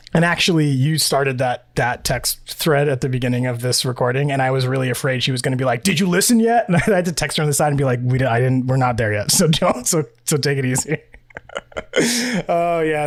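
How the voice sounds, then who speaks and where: A man's voice: mid-range voice, dry recording, clean studio sound. A man co-hosting a podcast in casual chat. He is bubbly, laughs often and rambles with restarts. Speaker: podcast co-host.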